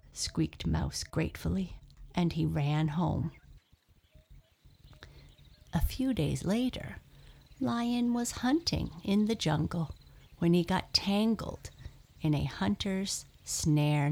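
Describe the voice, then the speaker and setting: Slow, gravelly bedtime storyteller woman. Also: lowish voice, expressive, darkish tone. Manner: slow, soothing, lilting.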